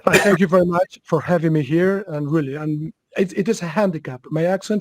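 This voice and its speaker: A man with a Spanish accent presenting a webinar, answering questions in a halting way with repeated words. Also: a little high, no room sound. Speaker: webcast presenter.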